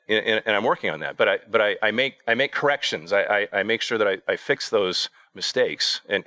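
A man preaching a sermon in an earnest, halting way, often repeating words as he restarts his sentences. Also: lowish voice, bright, forceful tone, no room sound.

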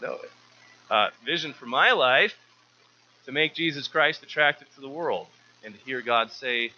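Earnest guy preaching, keeps repeating himself, really bright voice, kinda muffled audio. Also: medium pitch, lively intonation, a little slow, slight background noise. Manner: earnest, often repeats words while restarting. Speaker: church speaker. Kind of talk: informal sermon.

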